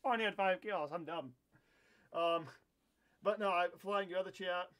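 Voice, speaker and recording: A young man from Iowa in his twenties, hosting a live gameplay stream and chatting in a rambling way, with sudden loud outbursts when the game goes wrong. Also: sits high, moderate pace. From Iowa, USA. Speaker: livestream host. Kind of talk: casual live gameplay chat.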